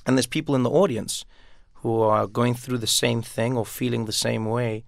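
A man gives a thoughtful interview answer, often doubling back on his words. His voice is gravelly at the bottom of its range. The sound is close and dry, with no room at all. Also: medium pitch, steady tone, normal speed, no room sound. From South Africa. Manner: thoughtful, repeats words as he thinks. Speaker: comedian guest. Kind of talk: reflective interview talk.

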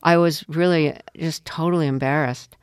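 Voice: mid-range voice, steady tone, moderate pace, clear, resonant tone, no echo, studio quality. A radio interviewer holding a conversation, curious and asking direct questions.

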